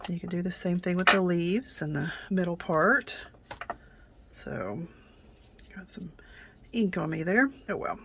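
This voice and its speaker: Chatty creaky-voiced craft woman. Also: lowish voice, lively intonation, unhurried, pauses often, a little hiss or hum. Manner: chatty, rambling, many fillers and restarts; drops to soft near-whisper while working. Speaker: craft channel host. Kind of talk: casual crafting tutorial with stories.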